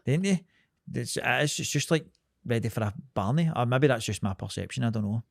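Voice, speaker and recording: A young Scottish man with a Glasgow accent talks in a blunt, rambling way, swearing freely. His voice sits at an ordinary pitch. The sound is dry and close, with no room around it. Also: lively intonation, a little fast, creaky, dry recording. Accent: Scottish, Glasgow area. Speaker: podcast co-host. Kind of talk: casual chat.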